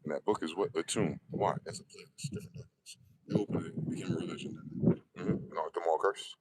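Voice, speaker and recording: A man's voice: sits low, fairly quick, a little mellow, slight background noise, low-quality recording. A man ranting in a profane, combative monologue, asking questions and answering them himself. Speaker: online video host.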